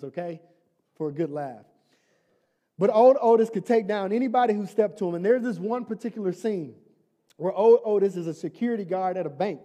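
Preaching with a high-pitched but dark-toned voice, this man is a pastor keeping things humorous and conversational. He puts questions to the congregation, then drives toward repeated, emphatic lines.

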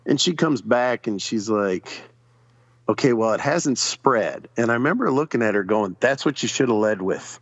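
A man's voice: mid-range voice, lively intonation, fairly quick, few pauses, no room sound, lo-fi sound. A man telling a long personal story in casual, profane chat, acting out other people's lines as he goes. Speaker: podcast guest.

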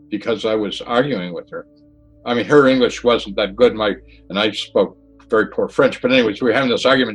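Husky man retelling a hospital story. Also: mid-range voice, low-quality recording. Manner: animated retelling with dialogue and restarts. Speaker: interviewee telling a near-death story. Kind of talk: personal storytelling.

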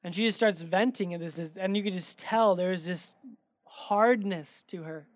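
Male pastor, conversational sermon delivery, animated anecdotes, dry close recording. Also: high voice, moderate pace, dry recording. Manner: animated, acts out quoted dialogue in his stories.

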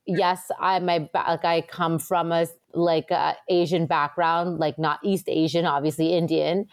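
A woman acupuncturist chatting casually as an interview guest, telling stories in a lively way with lots of fillers. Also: on the low side, a little slow. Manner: chatty, animated storytelling with many fillers.

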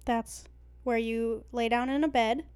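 Bubbly young woman, smooth bright voice. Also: a little high, fairly even intonation, a little slow. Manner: bubbly, rambling, laughs often. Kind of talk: casual chat.

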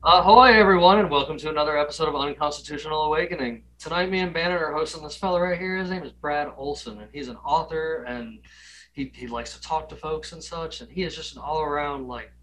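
Bright, eager male podcast host. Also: fairly high pitch, quick pace, slight background noise, low-quality recording. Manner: loose and enthusiastic, many fillers. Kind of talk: casual introduction.

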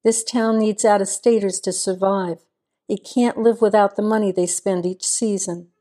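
A woman's voice: medium pitch, steady tone, moderate pace, dark tone, lightly acted. A woman reading the part of a frustrated small-town deputy, a grown man, in an audiobook. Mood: grim.

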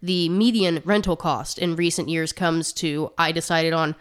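Slightly breathless woman podcaster, smooth lowish voice, rattles off numbers. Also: steady tone, normal speed. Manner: chatty, reads out statistics with asides. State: short of breath. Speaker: podcast co-host. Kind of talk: casual chat.

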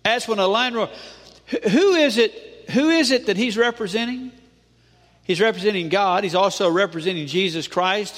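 A man with a high voice delivers a sermon in a big echoing hall. He pushes some phrases loud and drops others to a hush. He keeps asking the congregation for an "amen?". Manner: preachy call-and-response with frequent "amen?"; dramatic swings between loud and hushed. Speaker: pastor. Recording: long hall reverb.

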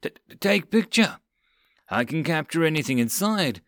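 A man's voice: high-pitched, lively intonation, normal speed, no room sound, clean studio sound, pitched above the performer's own voice. A man doing a stammering nervous photographer. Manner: stuttering, broken English.

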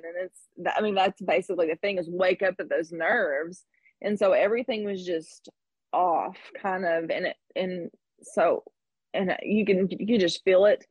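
Husky woman in her thirties, candid. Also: medium pitch, a little mellow, no room sound, lo-fi sound. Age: 30s. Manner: candid, reflective, laughs between thoughts. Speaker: guest. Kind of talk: personal story in conversation.

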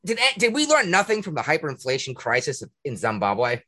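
A man hosting a podcast, ranting in casual talk, profane and indignant, with a husky voice. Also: mid-range voice, wildly swooping pitch, a little fast, bright, forceful tone. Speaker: podcast host. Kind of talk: heated casual rant.

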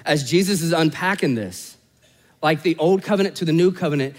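A man in his forties preaching a sermon, telling a family story with joking asides to the congregation and swinging from loud, emphatic peaks to hushed, soft passages. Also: fairly high pitch, a little fast, in a large hall. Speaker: pastor.

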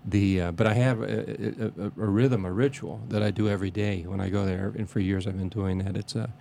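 A man reminiscing in a casual interview, speaking haltingly with many restarts and fillers and a reverent tone. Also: fairly low pitch, fairly even intonation, vocal fry, mellow, slight background noise.

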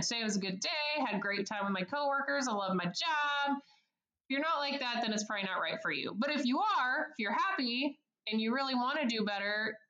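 A woman's voice: a little high, sharp tone, reverberant, poor audio. A woman working as a service advisor, talking in a podcast interview in a bubbly, chatty way and laughing often. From United States.

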